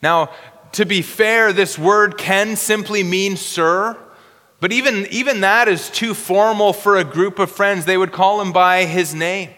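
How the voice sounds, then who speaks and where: A man preaching an expository sermon in an earnest way, slowing down for emphasis and often repeating words. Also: high voice, sharp tone, big-room sound.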